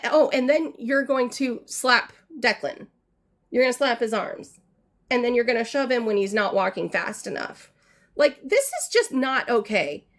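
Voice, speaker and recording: A woman in her thirties telling a family story to viewers, indignant and rambling, with fillers as she goes. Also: fairly high pitch. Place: home art studio. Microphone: livestream mic.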